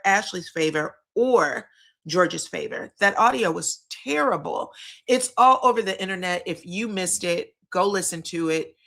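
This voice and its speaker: Host, female, bright tone, chatty, blunt and slangy, talks to live chat. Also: fairly low pitch. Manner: candid, slangy, repeats herself for emphasis. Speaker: reality TV commentary host. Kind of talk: casual live-stream recap with chat.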